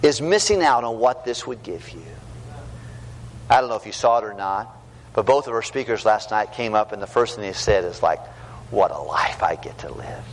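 Lively middle-aged preacher in a big hall. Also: male voice, fairly low pitch, brisk. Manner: earnest, storytelling, swings from loud to hushed. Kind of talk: sermon to young people. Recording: long hall reverb, faint background noise.

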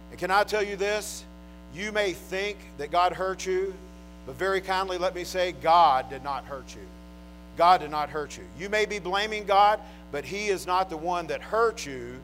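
A man preaching a sermon, emphatic and joking, swinging between hushed confessions and loud declarations. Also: a little high, poor audio.

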